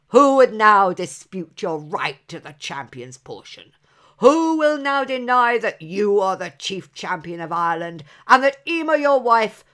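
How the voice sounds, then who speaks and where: A woman voicing a huge, ugly male giant who speaks in a slow rumble. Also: fairly bright tone.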